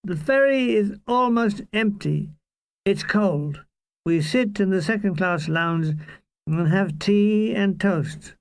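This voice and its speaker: A man narrating his own war memoir as an audiobook, with deadpan, irreverent comic delivery. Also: sits high, slow, creaky, dry recording.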